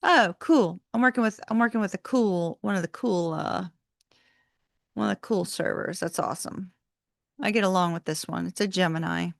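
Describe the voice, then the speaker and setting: A woman's voice: lowish voice, normal speed, vocal fry, no room sound, clean studio sound. A woman hosting a live tarot stream, chatting casually with viewers, laughing often and sounding sleepy and yawning. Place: warm room at home.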